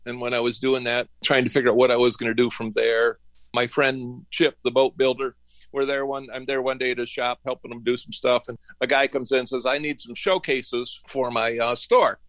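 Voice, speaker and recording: A middle-aged man from northern Michigan tells his story in a rambling, folksy way, slipping into the voices of the people he quotes. His pitch sits in an ordinary middle range. The sound is dry and close, with no room around it. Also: fairly bright tone, no room sound. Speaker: interview guest, woodworking business owner. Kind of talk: casual storytelling interview.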